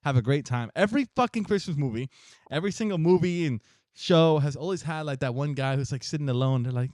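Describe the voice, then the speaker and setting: Fast-talking young man, slangy. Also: on the high side, expressive, darkish tone, dry recording, studio quality. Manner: rambling, slangy, restarts often and laughs a lot. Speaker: podcast co-host. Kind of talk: casual chat.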